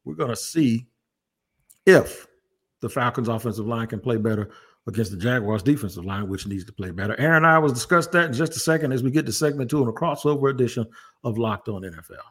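A man hosting a casual sports podcast, talking in an animated, jokey, rambling way. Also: mid-range voice, fast talker, breathy edge. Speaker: podcast host.

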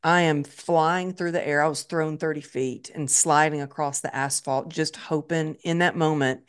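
A woman's voice: sits low, fairly even intonation, moderate pace, smooth. Woman guest, podcast interview, emotional story, replays her own thoughts aloud. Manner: vivid retelling, acting out her own past thoughts.

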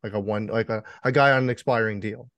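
A man's voice: fairly low pitch, fairly even intonation, fast talker, fairly bright tone, no room sound. A man hosting a casual podcast chat, easygoing, asking loose questions with lots of fillers. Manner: easygoing, laughs along, filler-heavy questions. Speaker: podcast host.

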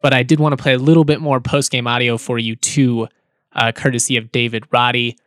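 A man hosting a sports podcast, talking in a relaxed, chatty way with fillers and small chuckles. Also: medium pitch, a little fast, dry recording, clean studio sound. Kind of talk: casual podcast talk and read ad.

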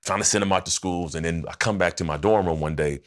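Man, 50s, very low voice, podcast guest, animated, slangy storyteller. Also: quick pace. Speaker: guest, former football player.

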